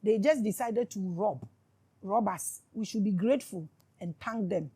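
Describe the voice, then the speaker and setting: A woman's voice: mid-range voice, moderate pace, mellow, slightly rough. A woman speaks to her viewers as a spiritual commentator, in a fervent, sarcastic monologue full of repeated questions. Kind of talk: impassioned monologue to camera.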